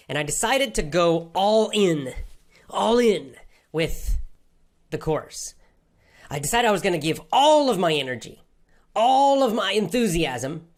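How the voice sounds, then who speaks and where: A woman from Georgia in the United States telling a personal story to language learners in simple, emphatic words with a lot of repetition. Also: fairly low pitch. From Athens, Georgia, USA. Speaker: English-learning podcast host.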